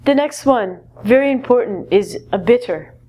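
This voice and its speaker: A woman's voice: mid-range voice, a little slow, a little mellow. A woman from Canada, teaching a vocabulary lesson in a chatty, playful way with joking asides. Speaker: English teacher.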